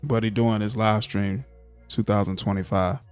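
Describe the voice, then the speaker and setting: A man hosting a live-stream commentary, dry and mocking in a relaxed way. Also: lowish voice, moderate pace, smooth, soft background music. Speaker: commentary host.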